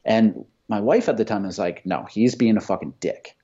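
A man's voice: fairly low pitch, normal speed, mellow, slightly rough. A man telling profane, heated stories in casual chat. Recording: dull lo-fi sound.

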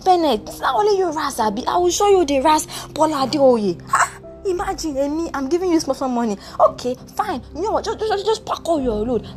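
Woman playing a betrayed Nigerian young woman; high, lively, tearful scorn. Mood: scornful. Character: betrayed young woman, angry and heartbroken fiancée. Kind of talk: one-woman comedic drama.

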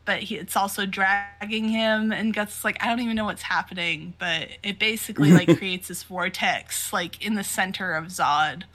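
A woman chats through a manga chapter with her co-host, her voice bright and clear. She laughs a lot and slips into quick impressions of the characters as she retells the scenes. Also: mid-range voice. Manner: laughs often, acts out characters' lines. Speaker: podcast co-host. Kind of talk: casual chat recapping a manga.

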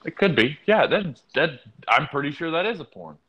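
A man co-hosting a comedic podcast, chiming in with quick jokes and sound effects in casual banter. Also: on the high side, big pitch swings, slightly rough, dull audio. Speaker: podcast co-host.

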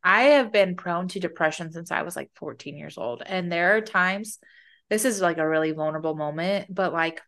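A woman's voice: fairly low pitch, moderate pace. A woman co-hosting a casual faith podcast, talking in an earnest, open way. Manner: earnest, open, soft when sharing. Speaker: podcast co-host.

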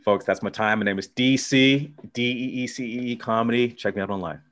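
A man's voice: mid-range voice, fairly quick, a bit bright, slight background noise. A middle-aged man doing stand-up and trading banter with the host, landing dry punchlines. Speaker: stand-up comedian.

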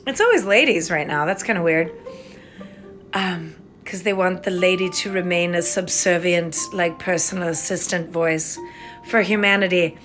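A woman's voice: lowish voice, moderate pace, fairly bright tone, soft background music. An American woman hosting a podcast, rambling in a casual monologue, spelling words out, swearing and trailing off mid-thought. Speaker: podcast host.

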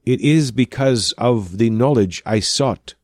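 A man voicing a calm, formal male alien who speaks in measured, stately phrases. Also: medium pitch, no echo, studio quality, pitched above the performer's own voice, close to an everyday voice.

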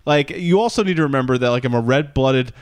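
A man co-hosting a casual comedy podcast, rambling and jokey, swearing freely and jumping into silly high voices. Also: quick pace, clear, resonant tone, no echo, clean studio sound. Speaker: podcast co-host.

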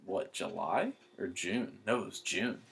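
A man's voice: low-pitched, a little slow, gravelly, a bit bright, a little hiss or hum. A young man telling rambling, profane stories in casual chat, full of fillers and restarts.

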